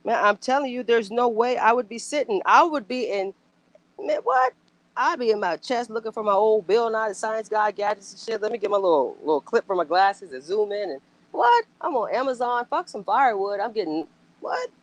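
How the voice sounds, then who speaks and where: A woman's voice: a little high, moderate pace, poor audio. A woman chatting casually as a commentator. She is blunt and emphatic, swears freely and fires off rhetorical questions. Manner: blunt, emphatic, frequently profane; animated outbursts and rhetorical questions. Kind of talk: casual reaction chat.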